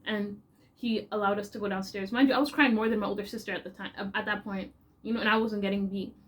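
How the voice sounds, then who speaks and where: A young woman with a Canadian accent, telling stories in a casual, animated, chatty way as a vlogger. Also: fairly high pitch. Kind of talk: casual storytelling.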